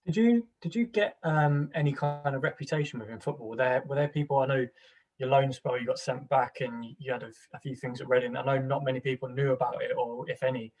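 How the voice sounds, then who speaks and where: A man's voice: medium pitch, a little fast, a little mellow. A man co-hosting a podcast, asking long probing questions over a video call. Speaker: podcast co-host. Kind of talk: interview questioning. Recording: distant, off-mic video call.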